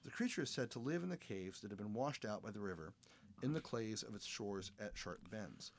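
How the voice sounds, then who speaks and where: A man's voice: lowish voice, lively intonation, brisk, a little hiss or hum. A man hosting a podcast, reading research notes aloud and chatting, with frequent stumbles and self-corrections. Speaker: podcast host.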